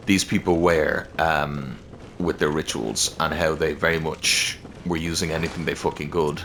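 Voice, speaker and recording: A man with a low, deep voice talks through a game as he plays it, loose and rambling. He swears constantly and keeps the tone off-the-cuff, like a casual let's-play commentary. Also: a little slow, fairly bright tone, slight background noise. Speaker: gaming channel host.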